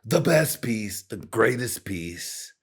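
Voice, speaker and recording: A man doing a boastful, drawn-out politician. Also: fairly low pitch, sing-song, slightly rough, pitched above the performer's own voice, exaggerated voice. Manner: pompous, drawn-out bragging. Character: boastful older male politician bragging.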